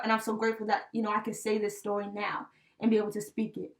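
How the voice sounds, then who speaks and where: A young woman co-hosting a podcast, telling a personal story in casual chat, heartfelt and animated, with many fillers like "you know" and "right?". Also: medium pitch, fast talker. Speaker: podcast co-host. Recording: voice a bit distant from the mic.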